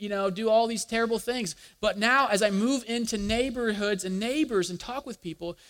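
A male pastor preaching a sermon in an animated way, asking the congregation to join in aloud. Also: high-pitched. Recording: long reverb of a large hall.

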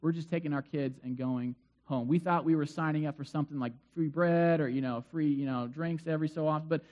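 A man's voice: on the high side, steady tone, brisk, darkish tone, highs cut off, pitched below the performer's own voice, lightly acted. A man doing fed-up grumbling followers. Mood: exasperated. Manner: exasperated, complaining. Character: fed-up departing male followers.

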